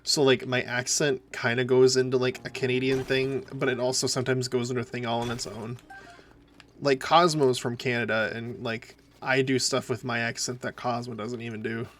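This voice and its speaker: A man's voice: medium pitch, flat delivery, moderate pace, fairly bright tone, slight background noise. A man with a Minnesotan accent from the northern United States, chatting in a casual, rambling way while streaming a game. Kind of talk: casual live-stream chat.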